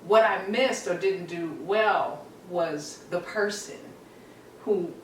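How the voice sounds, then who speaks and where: A middle-aged woman, a mother, telling a family story in casual chat, animated and acting out what people said. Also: lowish voice, slow pace, slight background noise. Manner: animated storyteller, laughs and acts out quotes. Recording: roomy, slightly distant mic with faint ambience.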